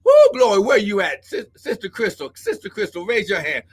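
A man preaching a charismatic prophetic sermon, breaking into shouted exclamations and repeated phrases. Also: high-pitched, lively intonation, breathy edge. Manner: shouting exclamations and drawn-out repetitions. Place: church service, live.

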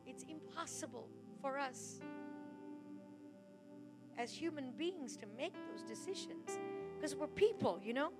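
Fervent woman preacher, slightly high voice. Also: lively intonation, measured pace, pauses often, loud music behind the voice. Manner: loud, fervent preaching with frequent restarts and asides. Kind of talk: sermon. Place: church hall.

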